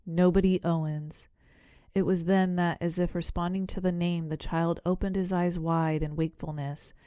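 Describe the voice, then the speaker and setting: Female audiobook narrator, measured storytelling, dark mellow tone. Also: on the low side, flat delivery, smooth, no room sound, clean studio sound. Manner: measured storytelling with voiced characters. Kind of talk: scripted narration.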